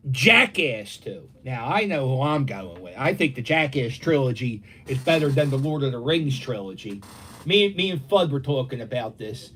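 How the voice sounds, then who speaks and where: Middle-aged philly guy rambling on a home livestream, voice jumping up and down a lot, acts out voices in his stories. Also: on the high side. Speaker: live stream host. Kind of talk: casual rambling storytelling. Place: dining room at home.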